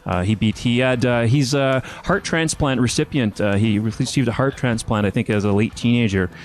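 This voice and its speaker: A man's voice: mid-range voice, normal speed. A man with a Canadian accent hosting a casual webcast interview, loose and joking, swearing freely. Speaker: webcast host.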